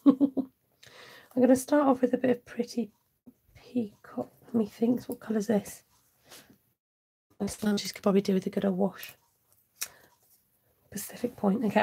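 A woman's voice: a little high, dark tone, slight background noise. A woman hosting a live cardmaking stream. She chats with viewers as she works and makes self-mocking asides. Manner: chatty, reads out viewer comments and answers them; talks aloud while working, with self-mocking asides. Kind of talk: casual live craft demonstration.

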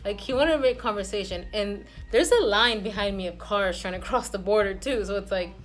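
Young woman in her twenties, vlogger, mid-range voice; loose, rambling delivery with lots of fillers, quick to laugh; faint music underneath. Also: medium pitch. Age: 20s. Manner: rambling, chatty, laughs easily. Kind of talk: casual vlog chat.

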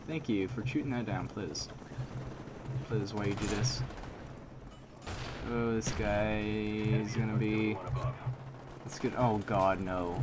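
Excitable man commentating a shooter game. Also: fairly low pitch, unhurried, long pauses. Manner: excitable, frequent exclamations and groans. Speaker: gameplay commentator. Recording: game gunfire noise behind voice. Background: video game gunfire and explosions.

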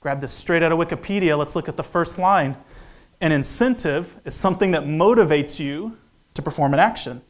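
Joking economics lecturer, fairly high voice. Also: male voice, brisk. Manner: joking, conversational, acts out dialogue. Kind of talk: lively lecture talk.

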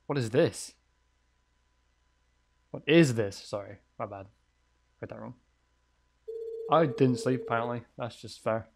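A man's voice: medium pitch, unhurried, gravelly, pauses often, a little mellow. A man giving let's play commentary on a horror game, jumpy and thinking aloud, swearing often. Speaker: gamer playing a horror game.

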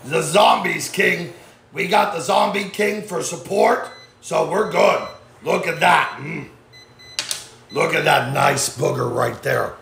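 Slow, gravelly man in an echoey shop. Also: on the high side, a bit bright. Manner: laid-back, swearing, hyping the shop. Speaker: smoke shop vlogger. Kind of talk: casual vlog commentary. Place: smoke shop interior. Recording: echoey shop room, faint background noise.

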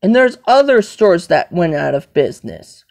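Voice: medium pitch, big pitch swings, moderate pace, creaky, darkish tone. A person rambling to themselves on a home video, repeating and listing things over and over. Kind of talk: rambling self-talk monologue.

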